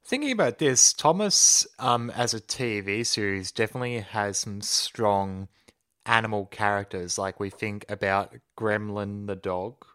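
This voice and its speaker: A man's voice: fairly low pitch, little pitch movement, measured pace, pushed and bright, clean tone. A man co-hosting a podcast, chiming in playfully with jokes and asides. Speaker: podcast co-host. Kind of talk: casual chat.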